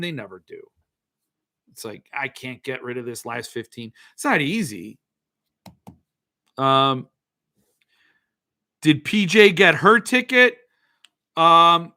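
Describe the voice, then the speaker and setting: A middle-aged podcast host chats casually in a rambling, jokey, self-mocking way. His voice is a little high, bright, and forceful.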